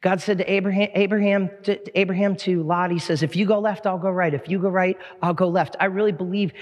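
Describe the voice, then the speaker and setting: High-voiced man preaching in a reverberant hall. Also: quick pace, highs cut off. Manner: animated storytelling with playful impressions. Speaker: pastor. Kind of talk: sermon.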